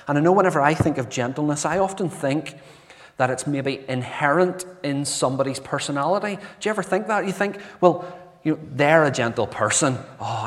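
A man preaching a sermon in a conversational, earnest way in a church. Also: mid-range voice. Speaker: pastor. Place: church sanctuary. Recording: long reverb from a church hall.

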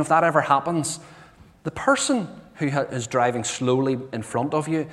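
A man's voice: medium pitch, normal speed, a bit bright. A man preaching a sermon in a conversational, earnest way in a church. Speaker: pastor. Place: church sanctuary. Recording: long reverb from a church hall.

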